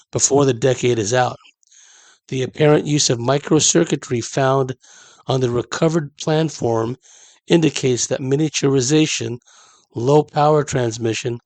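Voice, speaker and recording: Gravelly man reading with asides. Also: mid-range voice, darkish tone, dry recording. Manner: measured reading broken by chatty asides. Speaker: commentator reading a document. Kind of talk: reading aloud with commentary.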